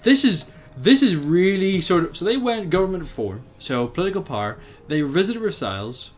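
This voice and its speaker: Lively Irish man narrating gameplay. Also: high-pitched, moderate pace, soft background music. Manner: chatty, thinking aloud, laughs often, bursts of excitement. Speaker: game commentator. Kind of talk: casual let's-play commentary.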